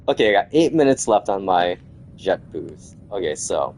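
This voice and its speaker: A man's voice: low voice, big pitch swings, a little slow, a little mellow, a little hiss or hum. A middle-aged man giving casual, rambling commentary while playing a video game, dropping "man" and "yo" as he goes. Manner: rambling, laid-back, says "man" and "yo". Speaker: gaming channel host.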